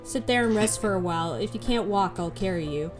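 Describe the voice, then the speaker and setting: A woman's voice: mid-range voice, expressive, a little fast, soft background music, close to an everyday voice. A woman doing a caring, teasing young swordsman. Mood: concerned.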